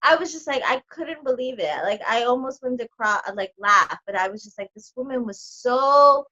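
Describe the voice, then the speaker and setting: A chatty woman tells stories in an animated rush, leaning on fillers as she goes. Her voice is bright and fairly high. The recording is muffled and lo-fi. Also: normal speed. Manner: animated storyteller, heavy on fillers. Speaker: podcast guest, coaching client. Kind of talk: casual chat.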